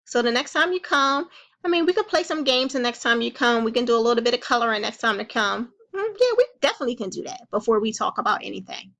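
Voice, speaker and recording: Woman playing a patient counselor, soothing and reassuring, creaky voice, a bit high. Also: animated, fast talker, fairly bright tone. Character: calm, caring female counselor comforting a child. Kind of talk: role-played counseling session.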